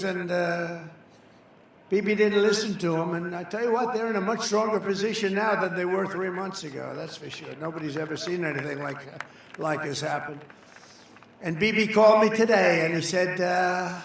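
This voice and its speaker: A man's voice: high voice, steady tone, normal speed, a bit bright. A man giving a rambling, off-the-cuff campaign rally speech, repeating phrases for emphasis. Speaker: political candidate at a campaign rally. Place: large rally venue with a crowd. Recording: very echoey venue with crowd noise.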